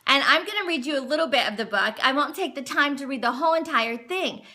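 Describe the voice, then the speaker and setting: A woman, hosting a home livestream and gently teaching manners, reading aloud slowly to a child. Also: high-pitched, expressive. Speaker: parenting livestream host. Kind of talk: casual teaching to viewers and child. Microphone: phone livestream.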